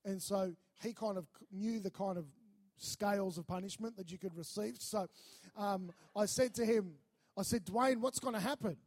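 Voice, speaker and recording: A man preaching a sermon, telling a lively story and acting out the voices in it. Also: high-pitched, normal speed. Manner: animated, acts out voices in his stories. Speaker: pastor.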